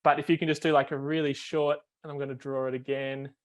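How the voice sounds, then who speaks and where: Flat-voiced man coaching with fillers. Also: medium pitch, fast. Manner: explains step by step with many fillers and restarts. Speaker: foiling coach. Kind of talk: coaching call video review.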